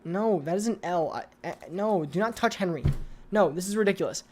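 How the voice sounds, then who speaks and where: A woman's voice: mid-range voice, big pitch swings, a little fast, darkish tone. A woman hosting a casual livestream. She reacts to viewer comments, talks straight to chat and often repeats her words. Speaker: livestream host.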